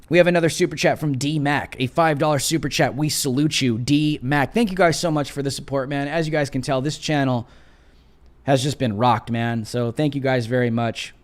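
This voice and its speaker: A man hosting a live political commentary stream, talking in an animated, repetitive and slangy casual way while reading viewer donations. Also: medium pitch, normal speed. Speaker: host of a live show.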